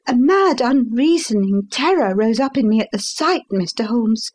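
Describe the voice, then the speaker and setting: An audiobook reader with a high voice narrates a classic tale in the first person. She reads in a measured, expressive way, pacing it like a storyteller.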